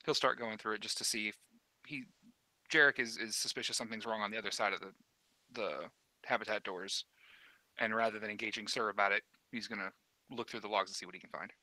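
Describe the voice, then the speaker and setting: A man's voice: on the low side, steady tone, fast, bright, forceful tone, no echo, rough recording. A man playing in a tabletop role-playing game, casually describing what his character does. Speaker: player.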